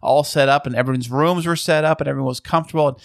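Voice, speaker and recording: A man co-hosting a casual podcast with his wife, playful and quick to laugh. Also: a little high, steady tone, creaky, no room sound, studio quality. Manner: fast, playful, laughs often. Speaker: podcast co-host. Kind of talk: casual chat.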